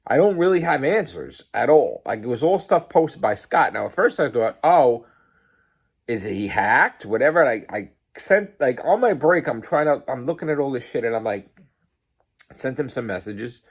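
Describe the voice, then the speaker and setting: A man's voice: mid-range voice, sing-song, normal speed, husky. Agitated male vlogger, profane, heated unscripted rant. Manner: swears heavily, grows agitated and loud. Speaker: podcast host. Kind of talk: angry rant to camera. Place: pizzeria, on a work break.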